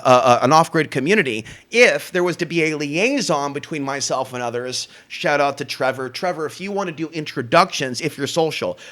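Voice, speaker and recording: Brash, bright-voiced man ranting. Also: a little high. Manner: profane, confrontational, ranting. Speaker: show host. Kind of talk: unscripted solo talk show rant.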